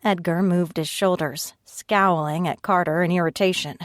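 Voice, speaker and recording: A woman narrating an audiobook in first person, reading at a slow, steady pace and raising her pitch for the other characters' lines. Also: no room sound, clean studio sound, lightly acted. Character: tearful frightened young woman narrator, Ivy.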